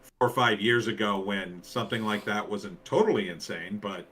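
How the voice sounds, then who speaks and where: A man from New Jersey chatting casually, his voice bright and forceful and pitched a little low. He rambles along with plenty of fillers as he talks on a stream. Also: normal speed. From New Jersey, USA. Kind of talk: casual chat.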